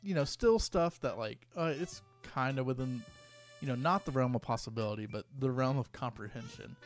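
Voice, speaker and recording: Rambling young man with soft music. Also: medium pitch, normal speed. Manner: rambling, self-interrupting, reads posts aloud. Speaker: YouTuber. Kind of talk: comedic commentary.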